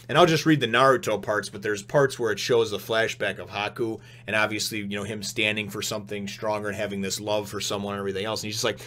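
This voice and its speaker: A man of ordinary middle pitch talks through a manga chapter as the host of a review channel. His delivery is excitable and rambling, full of filler tags like "you know" and "right?". He slips into a raised voice to act out the characters' lines. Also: brisk.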